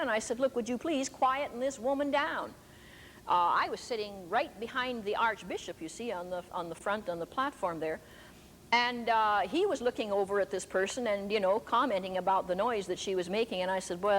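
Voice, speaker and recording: An older woman preaching a sermon, telling stories emphatically. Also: mid-range voice. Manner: emphatic storytelling. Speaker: preacher and teacher. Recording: echoey hall with faint background noise.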